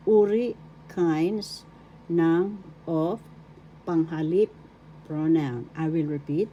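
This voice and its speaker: Her voice deep and warm, a middle-aged language teacher from the Philippines says each word again and spells it out by syllables. There's a bit of background noise, and the recording quality is low.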